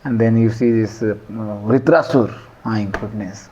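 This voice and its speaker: A man's voice: on the low side, unhurried, mellow, slight background noise. Man, scripture lecturer, quizzes his listeners, chants verses, muffled lo-fi sound. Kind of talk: devotional class.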